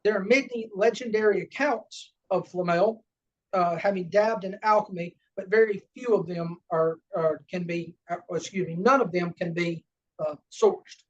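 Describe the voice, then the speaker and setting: Southern guy giving a lodge talk, lots of uh and um, mic far off and kinda muffled. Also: sits high. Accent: Southern American. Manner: halting, many fillers and self-corrections. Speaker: lodge education lecturer. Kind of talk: unscripted lecture with slides. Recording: distant, dull lo-fi room recording.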